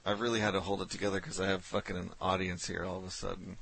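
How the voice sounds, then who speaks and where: A man making a crude prank phone call, talking in a brash, forward, deadpan way. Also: low-pitched, racing, creaky, slightly rough, dry recording. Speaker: prank caller and show host.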